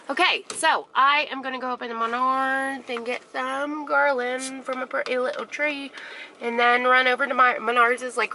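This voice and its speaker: A woman's voice: on the high side, gravelly, slight background noise, poor audio. A woman vlogging casually from her car and stores, telling a gossipy story with lots of swearing. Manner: profane, gossipy, animated storytelling. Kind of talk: casual chatty vlog. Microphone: handheld camera mic.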